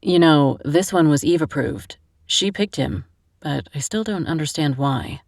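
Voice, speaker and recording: A woman's voice: deep voice, animated, measured pace, a little mellow, no room sound, studio quality, pitched below the performer's own voice, exaggerated voice. A woman voicing an earnest, bewildered young man in an audiobook. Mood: puzzled. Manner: puzzled, self-doubting.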